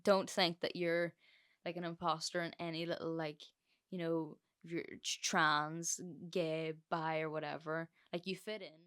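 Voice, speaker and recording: Northern Irish woman hosting solo podcast, casual, blunt, swears freely, slightly low voice. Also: level tone, a little slow, a bit bright, smooth. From Northern Ireland. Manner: casual and blunt, heavy 'like' fillers and swearing. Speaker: podcast host.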